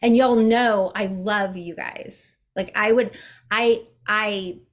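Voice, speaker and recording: A woman's voice: mid-range voice, fairly even intonation, slow pace. A woman business coach talking candidly and bluntly in a casual group coaching call over a video call. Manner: candid, chatty, blunt with mild swearing.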